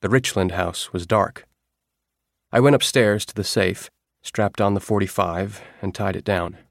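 A man reading a first-person story aloud in a measured, wry storytelling manner. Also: on the low side, steady tone, dry recording, studio quality. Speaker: audiobook narrator. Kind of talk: scripted first-person narration.

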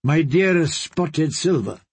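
A poised, scheming princess speaks with calm persuasion, as a male narrator puts her on. Her voice is raised well above his own, slow and slightly husky. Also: a little high, voice pushed up, heavily acted. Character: proud, scheming young princess.

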